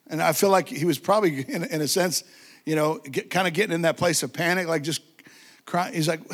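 A man with a notably high-pitched voice, preaching with fervent, conversational energy. He drives his points home through repetition and chatty asides, often laughing and acting out little quotes. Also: moderate pace. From United States. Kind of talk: sermon.

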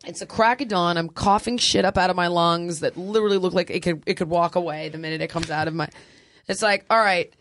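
A woman's voice: fairly low pitch, a little fast, slight background noise. A woman in her forties, a podcast host, telling a crude, funny family story in casual chat, laughing often. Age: 40s. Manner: animated, laughing, crude humor.

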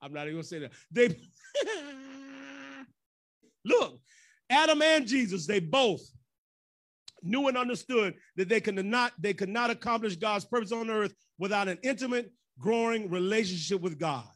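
A man's voice: sits high, animated, normal speed, a bit bright. A man preaching as pastor in a loose, joking way, slipping into the voices of church folk. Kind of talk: conversational sermon.

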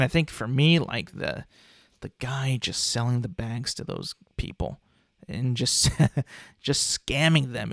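A young man in his twenties talks casually and loosely, circling back and restarting his sentences. His mid-range voice has a gravelly fry to it. The recording is dry and close, with no room sound. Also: mid-range voice, fairly bright tone, dry recording. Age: 20s. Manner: rambling, frequent restarts and filler words. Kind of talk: casual commentary on a cartoon ranking.

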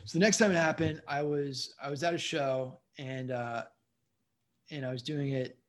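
A man's voice: medium pitch, steady tone, moderate pace. A man, a stand-up comedian, telling stories casually in a podcast interview, rambling with lots of "you know what I mean.". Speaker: comedian guest.

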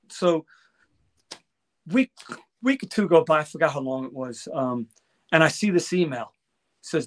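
A man's voice: mid-range voice, a little fast. An older man telling a story in casual chat, acting out quoted voices and swearing freely. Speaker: guest musician.

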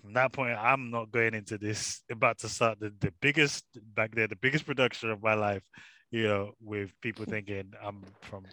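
A man from England with a British accent, a guest actor telling an anecdote in a lively way with lots of filler phrases. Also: on the low side, moderate pace, no echo. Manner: lively storyteller, many "you know" fillers.

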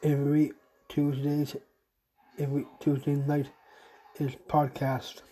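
A podcast host talks slowly in an earnest, deliberately sad voice, stumbling and repeating words as they go. The tone stays mellow and flat, with little rise or fall. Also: mid-range voice, breathy edge, soft background music, rough recording. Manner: halting and repetitive, restarting phrases. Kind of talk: personal spoken message to a friend.

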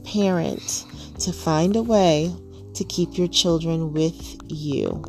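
A woman's voice: deep voice, takes it slowly, darkish tone, faint music behind. A woman and mother hosting a podcast, chatting casually and earnestly with frequent fillers and restarts. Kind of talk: casual chat.

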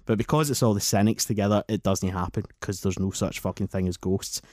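A Scottish man telling a sweary, animated anecdote on a casual podcast. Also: on the low side, a little fast, dry recording, clean studio sound. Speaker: podcast host. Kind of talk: casual storytelling.

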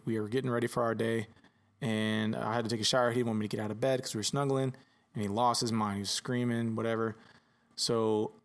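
A man chatting casually on a podcast about fatherhood. He tells stories loosely, acting out little bits of dialogue and dropping the odd swear word, in an easy voice of middle pitch. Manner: relaxed storyteller, swears casually, acts out dialogue. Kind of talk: casual chat.

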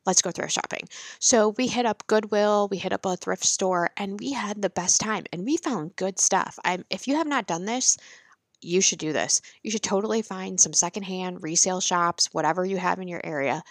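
A woman's voice: mid-range voice, normal speed, no room sound. A woman, telling frank, profane stories about motherhood in a candid monologue. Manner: frank, profane, animated storytelling.

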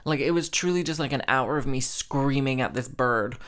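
A man's voice: mid-range voice, moderate pace, a bit bright. Rambling, laughing man podcaster. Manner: rambling, full of "like" fillers, breaks into laughter; self-mocking and dramatic. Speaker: podcast host. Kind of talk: solo casual storytelling chat.

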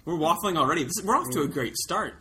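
A man's voice: on the high side, animated, fast talker, a loud crowd. A man hosting a casual gaming podcast, chatty and self-deprecating, laughing often. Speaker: podcast host.

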